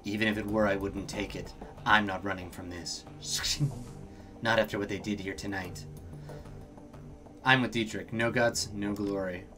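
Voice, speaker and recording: A man's voice: lowish voice, steady tone, moderate pace, pauses often, bright, forceful tone, soft background music, voice pushed down. A man voicing a tough woman who leads a team of shadowrunners in a video game. He reads her lines bluntly and firmly. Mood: grim. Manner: blunt and firm.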